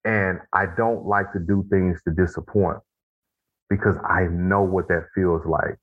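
A man with a very deep, husky voice speaks reflectively and weighs his words slowly when he makes a point. His voice comes through a narrow, tinny, phone-like line. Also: fairly even intonation. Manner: reflective, slow and deliberate when making a point. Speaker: guest, author of a men's journal. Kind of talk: casual heartfelt conversation.

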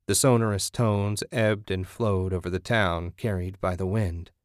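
A man narrating a violent horror story in a steady, measured audiobook reading. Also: low voice, no echo, clean studio sound.

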